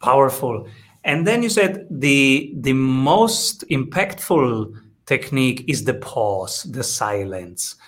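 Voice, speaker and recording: A man hosting an interview, asking thoughtful, measured questions. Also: medium pitch, expressive, fairly bright tone. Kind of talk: interview conversation.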